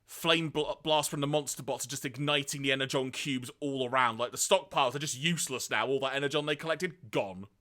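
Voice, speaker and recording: A man co-hosting a podcast, retelling episodes in a lively way and acting out quoted lines. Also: fairly quick, hardly any pauses. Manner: lively storytelling, acts out quoted lines in high voices. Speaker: podcast co-host. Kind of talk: casual podcast recap.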